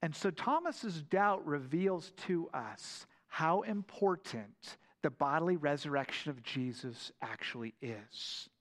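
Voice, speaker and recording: A man preaching a sermon in a lively, storytelling manner, often stumbling over and repeating his words. His voice sits high for a man. It rings out with a long reverb, as in a big church sanctuary. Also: slow pace, few pauses. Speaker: pastor.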